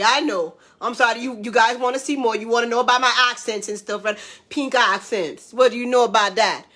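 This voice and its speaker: A woman's voice: fairly high pitch, pushed and bright. A woman in a casual cooking vlog, talking to her viewers in a chatty, playful way, calling them babies and honey. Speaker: cooking show host.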